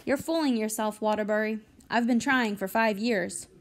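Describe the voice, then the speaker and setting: A woman's voice: a little high, normal speed, close to an everyday voice. A woman voicing a folksy small-town agent. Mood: resigned. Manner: folksy, resigned. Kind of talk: audiobook reading.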